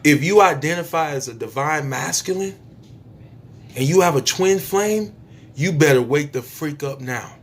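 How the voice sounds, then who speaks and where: A man delivering a spiritual preaching monologue to his viewers, emphatic and repetitive, stretching out phrases and suddenly dropping to a soft near-whisper. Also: fairly high pitch, normal speed, a little hiss or hum. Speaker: YouTube speaker.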